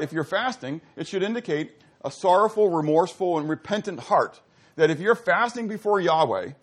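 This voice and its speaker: A male pastor preaching a sermon, asking rhetorical questions and restarting phrases with stammers. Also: a little high.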